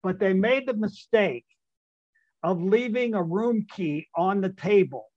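A man's voice: sits high, unhurried, a little mellow, dry recording. An older man, a retired ballplayer guest, telling a rambling, self-amused anecdote full of restarts and fillers over muffled call audio. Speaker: guest, retired baseball player. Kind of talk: storytelling anecdote.

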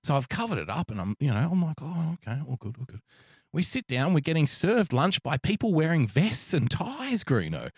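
A man spinning a rambling story on a podcast, swearing freely as he goes. His pitch swings widely and his delivery is animated. The sound is dry and close. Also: brisk, few pauses, husky, no room sound. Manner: profane, animated, rambling anecdotes. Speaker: podcast co-host. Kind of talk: casual storytelling chat.

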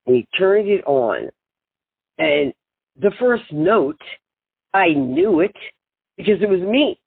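An older woman with a husky voice, a singer being interviewed, telling stories animatedly, laughing often and acting out what people said, over a tinny phone line. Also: fairly low pitch, very animated, slow, no echo. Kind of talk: casual storytelling.

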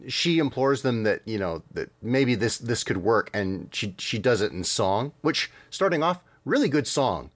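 A man's voice: medium pitch, big pitch swings, unhurried, hardly any pauses, no room sound. A man hosting a casual podcast, chatting about cartoons in a rambling way with fillers and laughs. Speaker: podcast host.

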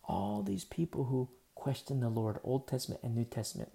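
Gravelly preacher guy, dark mellow voice, acts out the dialogue, goes real quiet sometimes. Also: mid-range voice, normal speed. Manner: animated preaching, acts out dialogue, drops to near whispers. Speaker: pastor. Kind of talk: sermon.

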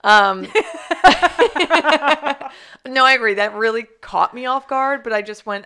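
A woman chatting casually about a film with friends. Her talk is animated and full of fillers, and she laughs easily. A gravelly fry runs through her voice. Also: fairly high pitch, a little slow, pauses often. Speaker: podcast co-host. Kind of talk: casual chat.

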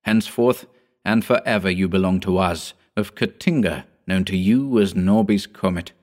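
A man reading a cold, deep alien overlord's decree. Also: moderate pace, darkish tone, lightly acted. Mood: commanding. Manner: commanding, coldly formal decree.

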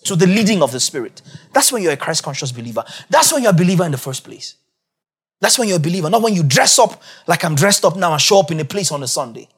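A man preaching a sermon as pastor, emphatic and repetitive, building to raised, shouted peaks. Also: on the high side, sing-song, quick pace, breathy edge. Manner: emphatic, repeats key phrases, rising to shouts.

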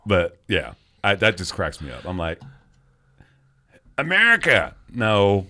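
A man's voice: low voice, lively intonation, moderate pace. Laughing, profane man in his forties. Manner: loud laughing, profane, jokey. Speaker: podcast co-host. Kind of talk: casual chat over beers.

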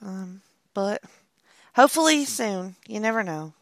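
A woman's voice: mid-range voice, animated, measured pace, vocal fry, no echo, rough recording. A woman co-hosting a podcast in a laid-back, casual way, with lots of ums and the odd swear word. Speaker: podcast co-host. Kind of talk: casual chat.

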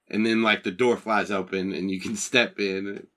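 Bright, low-voiced game master. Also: male voice, fairly even intonation, moderate pace, few pauses. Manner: laid-back, rambling description with fillers. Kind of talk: narrating a tabletop game.

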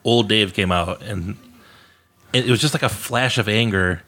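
Self-mocking man telling a story, low-pitched. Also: normal speed, sharp tone. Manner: candid, self-mocking, laughs while telling. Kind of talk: casual storytelling chat. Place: room in a house. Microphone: podcast microphone.

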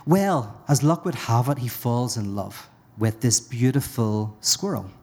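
A man's voice: medium pitch, measured pace, a little mellow, husky. A man telling a parable at a live talk, playful and rambling, often interrupting himself. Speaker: guest speaker. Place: brewery, live audience.

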